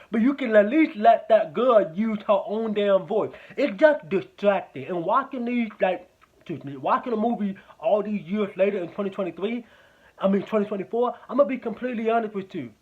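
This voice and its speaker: A man's voice: sits high, lively intonation, a little fast, husky, narrow, tinny audio. A man giving a casual spoken movie review, rambling, swearing often and repeating himself.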